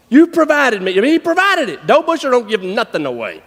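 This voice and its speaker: A man with a Southern US accent, preaching a sermon as a folksy, animated storyteller. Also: sits high, brisk, hardly any pauses. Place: church hall. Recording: long reverb of a large hall.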